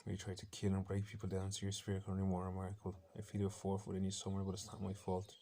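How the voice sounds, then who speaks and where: A man's voice: sits low, monotone, fast, dark tone. A man with an Irish accent delivering an intense, defiant, rambling personal monologue, with faint bird sounds from a laptop behind him.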